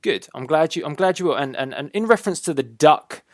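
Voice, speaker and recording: A man's voice: on the high side, expressive, a little fast, no echo. A man hosting a casual wrestling chat show, upbeat and teasing, drawing out his announcements. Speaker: host.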